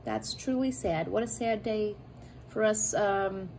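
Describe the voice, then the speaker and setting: A woman's voice: medium pitch, slow pace, poor audio. A woman in her thirties chatting casually while she cooks and eats at home, playful and chatty, tossing in cutesy rhyming made-up words. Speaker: cooking vlogger. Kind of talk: casual cooking chat and eating. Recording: steady background noise in a home kitchen.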